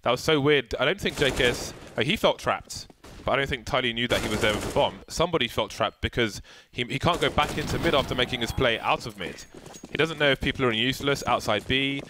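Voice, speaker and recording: A man casting a live esports match, with excitable, jokey play-by-play. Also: medium pitch, fast talker, few pauses, background noise. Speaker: esports caster.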